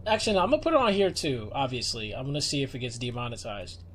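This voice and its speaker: A man's voice: mid-range voice, sing-song, quick pace, fairly bright tone, slight background noise. A man streaming as a VTuber, chatting casually and playfully with his viewers in a rambling way, recorded on a binaural microphone. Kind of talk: casual live-stream chat. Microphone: binaural dummy-head microphone.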